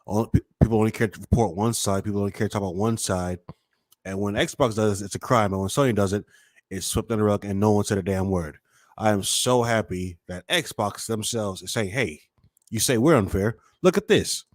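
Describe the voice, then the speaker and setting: Indignant male panelist, low-ish voice, dry. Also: fairly even intonation, a little fast, no room sound. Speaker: podcast panelist. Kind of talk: casual chat.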